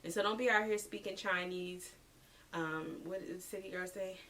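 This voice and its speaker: A woman's voice: fairly low pitch, fairly even intonation, moderate pace, recorded from a distance. A woman in her thirties hosting a motivational podcast, talking casually and slangily to her listeners as y'all. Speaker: podcast host.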